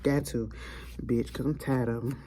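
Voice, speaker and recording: A woman hosting a casual, profane chat, recapping reality TV in a blunt, animated way. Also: very deep voice, moderate pace, slight background noise. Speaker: host.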